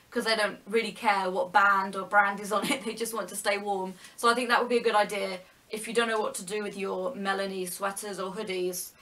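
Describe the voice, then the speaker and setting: A young woman talks straight to camera in an opinion vlog. Her voice is bright and a little high. She argues earnestly and lays out her points step by step. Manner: earnest, argumentative, explaining step by step. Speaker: vlogger.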